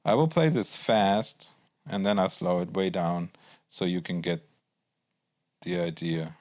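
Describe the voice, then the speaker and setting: A man teaching a guitar lesson in a calm, explanatory way, counting beats aloud as he plays. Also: low voice, measured pace. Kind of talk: instructional music lesson.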